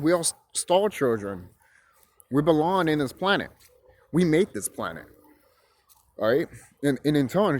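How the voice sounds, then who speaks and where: A man's voice: mid-range voice, darkish tone. A young man talking casually, rambling and swearing, shivering a bit from the cold outdoors. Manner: rambling, profane and emphatic, with restarts. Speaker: vlogger. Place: outdoors on a chilly hillside.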